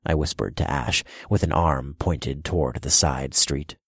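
A man reading a first-person fantasy story with a very deep voice. His tone is husky and measured, and grows commanding when his character speaks. The recording is close and completely dry. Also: no room sound. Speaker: audiobook narrator. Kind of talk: scripted first-person narration.

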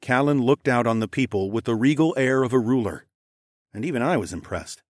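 Male narrator, mid-pitched, wry casual first-person fantasy reading, very dry close mic. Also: animated, brisk, no echo. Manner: conversational, wry, casual swearing. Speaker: audiobook narrator.

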